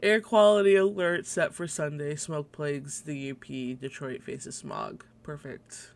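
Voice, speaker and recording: A woman's voice: low-pitched, big pitch swings, unhurried, vocal fry. A young adult woman hosting a casual solo livestream at home, rambling and swearing, laughing often, a little short of breath. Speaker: livestream host.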